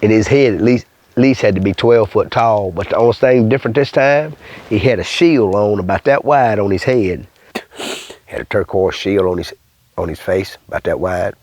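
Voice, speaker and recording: A man's voice: fairly low pitch, normal speed, a little mellow, dry recording. An older man from Louisiana with a bayou accent, telling a rambling, folksy story full of swearing in an interview. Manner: rambling, folksy, swears often, acts out voices.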